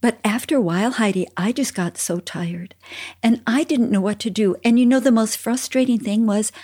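Gentle, earnest woman telling stories. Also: fairly high pitch, normal speed. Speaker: podcast co-host, mother. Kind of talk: Christian parenting chat.

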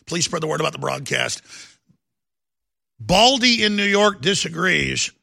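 A man hosting a talk radio show, ranting and fiery, often bursting into shouts as he takes calls. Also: on the high side, animated, measured pace, gravelly, no room sound.

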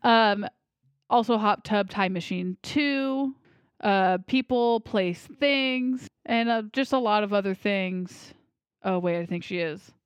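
Slow and smooth, this woman's medium-pitched voice comes through a dry, lo-fi recording. As a podcast co-host in a relaxed movie-review chat, she rambles about films and laughs readily.

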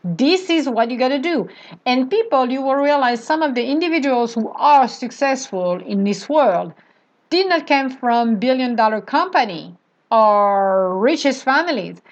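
A woman's voice: high-pitched, expressive, unhurried, dull audio. A woman giving a motivational talk, emphatic and repeating affirmations. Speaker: motivational speaker.

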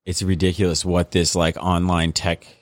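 A man's voice: sits low, little pitch movement, moderate pace, no room sound. A man co-hosting a casual podcast, reacting with laughter and casual swearing. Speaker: podcast co-host. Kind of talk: casual crude banter.

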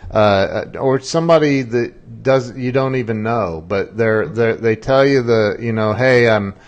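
Male podcast host, mid pitch, halting restarts, animated storyteller. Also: highs cut off. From Ohio, US. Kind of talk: casual interview chat.

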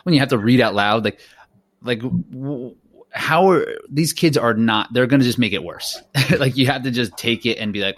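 A man's voice: mid-range voice, moderate pace, fairly bright tone. A man hosting a running podcast, talking in a loose, chatty way and laughing easily. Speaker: podcast host. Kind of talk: casual podcast chat.

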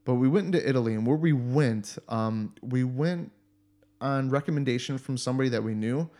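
A man's voice: mid-range voice, fairly quick, dark tone. A man in casual podcast chat, telling stories animatedly and swearing freely. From United States.

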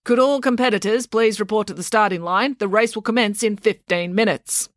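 A woman's voice: medium pitch, a little fast, dry recording, clean studio sound, pitched above the performer's own voice, close to an everyday voice. A woman voicing a male music teacher making a formal public announcement. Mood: announcing.

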